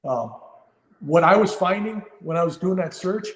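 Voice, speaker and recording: A man in his fifties tells a story in an earnest, heartfelt way, with plenty of fillers and restarts. His voice sits a little high for a man. The recording is roomy, with a long reverb tail. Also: expressive, moderate pace. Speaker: firefighter guest. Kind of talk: podcast interview storytelling.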